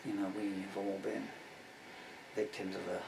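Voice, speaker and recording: Between songs, a sixty-something singer-songwriter from England with Irish family roots rambles along, mocking himself and wandering into asides. His low voice is completely flat, measured and creaky with vocal fry. Background noise, roomy acoustics, a distant mic and guitar fill out the recording.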